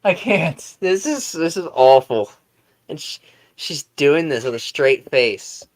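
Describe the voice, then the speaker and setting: A man's voice: fairly high pitch, expressive, slow pace. A man hosting a commentary video, making sarcastic, incredulous remarks about a clip.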